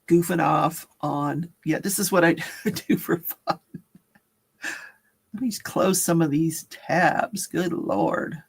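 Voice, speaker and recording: Speaking slowly in a low, creaky voice with a breathy edge, a woman runs a laid-back livestream chat. She's talkative and giggly, reading out viewers' comments and responding.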